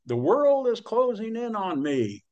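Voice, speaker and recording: A man's voice: sits high, sing-song, measured pace, a little mellow, lo-fi sound. A man preaching a sermon in a folksy, conversational way, with slang and asides to the listeners.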